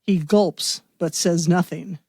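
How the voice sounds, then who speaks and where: A woman hosting a podcast, giving measured scripted narration for a radio-theater mystery. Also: on the low side, steady tone, a little mellow, breathy edge, no room sound, studio quality.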